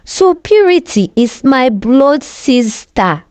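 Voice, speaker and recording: A woman's voice: a little high, very animated, slow pace, a little mellow, dry recording. A woman voicing a young man, an angry and tearful betrayed son. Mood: scornful. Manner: tearful, scornful.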